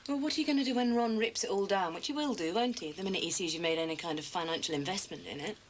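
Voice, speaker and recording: An actress playing a sceptical, probing wife in a TV soap. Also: female voice, medium pitch, fast, slight background noise, lightly acted. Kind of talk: TV soap acting.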